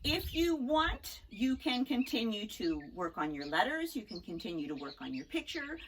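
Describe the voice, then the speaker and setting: A woman teaching a children's phonics lesson, talking in a slow, sing-song, encouraging way. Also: fairly high pitch, big pitch swings, slight background noise.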